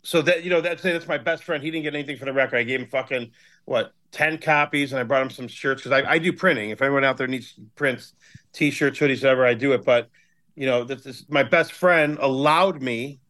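A man's voice: mid-range voice, a little fast, fairly bright tone. A man in his fifties from Cleveland, a guest on a podcast, telling stories bluntly with a lot of swearing. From Cleveland, USA. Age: 50s. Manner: blunt and heavily profane storytelling. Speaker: guest, hardcore band member. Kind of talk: casual podcast chat.

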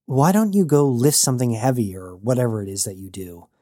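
A man reading an audiobook, voicing a broke, sarcastic woman bounty hunter with a deadpan delivery. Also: mid-range voice, a little fast, no echo, clean studio sound.

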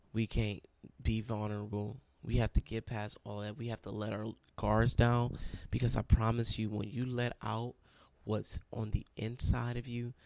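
A young man with a low, gravelly voice tells a personal testimony in an earnest, storytelling way. He leans on repeated phrases for emphasis. The recording is dry and close, with no room sound. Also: darkish tone, no echo. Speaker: speaker sharing his testimony.

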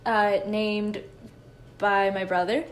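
A woman's voice: medium pitch, fairly even intonation, slow pace. A woman co-hosting a podcast in casual chat, often laughing at herself and correcting her slips. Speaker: podcast co-host.

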